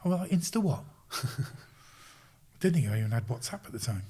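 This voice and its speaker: A man guest on a podcast, telling stories in an animated, casual way and acting out quoted voices. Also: medium pitch, normal speed, breathy edge. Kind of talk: casual storytelling.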